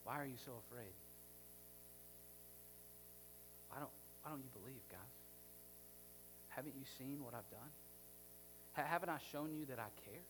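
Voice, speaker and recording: A man doing a soft, gentle Jesus. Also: mid-range voice, fairly quick, long pauses, over music, pitched below the performer's own voice, lightly acted, poor audio. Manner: soft, tender, reassuring. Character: gentle, patient Jesus kneeling to comfort his friends.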